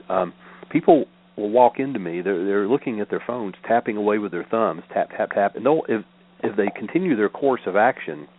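Older guy meditation teacher reading scripture slow and steady, lowish voice, sounds like it's over a phone. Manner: measured, deliberate reading with a repetitive cadence. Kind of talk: reading scripture aloud with spoken commentary. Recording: narrow, tinny phone-like audio.

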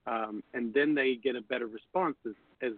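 A man's voice: mid-range voice, normal speed, husky, no echo. A man who teaches pendulum use, explaining thoughtfully in casual conversation. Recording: phone-like dry audio.

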